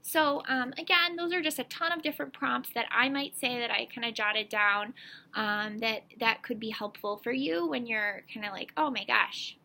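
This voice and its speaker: A woman's voice: a little high, moderate pace, gravelly, pushed and bright. A woman reading specialist giving parents an informal, step-by-step talk, chatty and full of ums.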